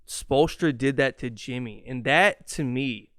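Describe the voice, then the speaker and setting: A man hosting a solo sports podcast, ranting in an excitable, fast and profane way. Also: mid-range voice, dry recording, studio quality. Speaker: podcast host.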